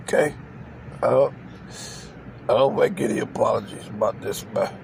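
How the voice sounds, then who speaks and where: A man with a gravelly, creaky voice rants in a football reaction vlog, emphatic and repetitive and openly emotional. He keeps tagging "man" onto his lines. A clear hum of vehicle noise runs under the whole recording. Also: lowish voice, moderate pace, a little mellow. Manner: openly emotional, says he cries on camera. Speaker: channel host.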